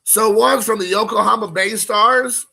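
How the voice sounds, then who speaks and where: A man with a high, bright voice and a gravelly fry at the edges. He talks casually and excitably, rambling and cracking jokes as he opens packs for his viewers. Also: moderate pace. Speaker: card collecting vlogger. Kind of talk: casual unboxing chat.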